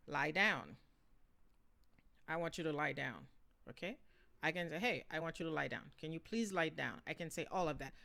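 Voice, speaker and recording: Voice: medium pitch, creaky, pushed and bright. A language teacher giving a casual spoken lesson, switching between languages and checking in often with "okay?" and "right?".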